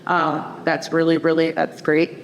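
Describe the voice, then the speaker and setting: A low-pitched woman counselor speaks on a panel discussion, thinking aloud with frequent fillers and restarts. The voice carries a long hall reverb, with a faint hiss behind it. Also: completely flat delivery, unhurried. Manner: conversational, many fillers and restarts. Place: community event hall. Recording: echoey hall, faint background noise.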